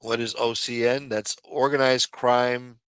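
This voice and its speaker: Smooth-voiced man ranting on a stream. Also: mid-range voice, level tone, a little slow, fairly bright tone, no echo. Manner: heated, profane, repetitive, then apologetic. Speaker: livestream host. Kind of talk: profane political rant on a stream.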